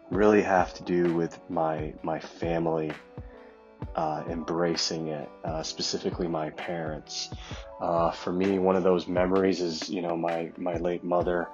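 A man's voice: low-pitched, a little mellow, muffled recording. A man recording a heartfelt message for a fan community, speaking thoughtfully. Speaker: community guest.

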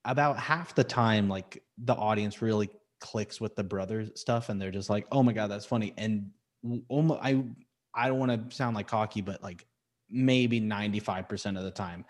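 A man's voice: fairly low pitch, moderate pace. Rambling young comedian guy. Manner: rambling with many fillers, animated when quoting. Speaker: comedian guest. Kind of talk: casual comedy chat.

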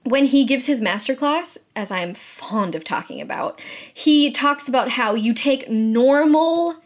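A young woman, a teacher training as a librarian, co-hosting a podcast in animated, joking casual chat. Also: high-pitched. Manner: animated, chatty, quick to joke. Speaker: podcast co-host.

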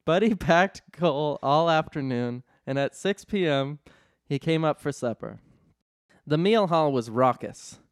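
Man narrating an absurd story, deadpan, fairly high voice, dry close mic. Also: unhurried, no echo. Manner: deadpan narration, often breaking into laughter. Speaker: storyteller host. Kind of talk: reading an absurd comedy story aloud.

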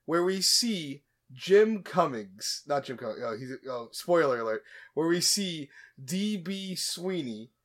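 A man's voice: fairly high pitch, big pitch swings, a little slow, fairly bright tone. A man hosting a podcast, retelling a movie plot in a casual, joking way with plenty of asides and restarts. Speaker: podcast host. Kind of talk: casual comedic movie recap.

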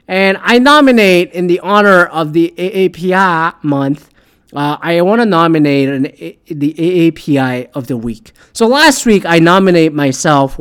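A man hosting a podcast, rambling in a casual monologue and swearing a lot, jumping between loud outbursts and mumbled asides. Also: fairly high pitch. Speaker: podcast host.

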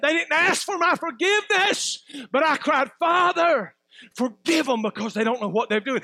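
A middle-aged man preaching a sermon as pastor, shouting at times and calling for responses from the congregation. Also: very high-pitched, no echo.

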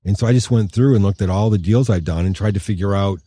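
A man hosting a podcast, chatting casually with a guest and reacting with quick affirmations. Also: on the low side, mellow, husky, no echo. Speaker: podcast host. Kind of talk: casual interview chat.

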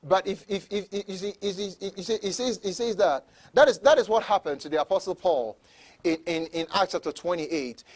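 A male pastor preaching a sermon, often repeating words and restarting, moving from soft asides to loud emphatic declarations. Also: high voice, a little fast. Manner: repeats words, stammering restarts, laughs between points.

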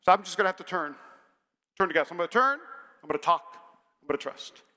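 A man preaching a sermon in a church, energetic and humorous, rising now and then to shouts. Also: high-pitched, fast talker. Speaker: pastor. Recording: long hall reverb.

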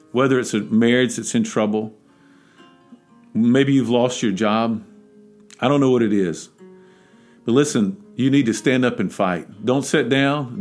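A man's voice: mid-range voice, a little mellow. A man preaching a devotional podcast sermon, exhorting and emphatic, building to urgent peaks.

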